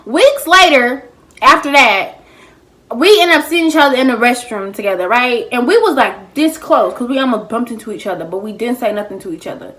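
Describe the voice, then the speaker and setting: A woman telling a casual storytime to her viewers, animated and slangy, talking straight to the camera while she eats. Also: on the high side, brisk. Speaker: vlogger.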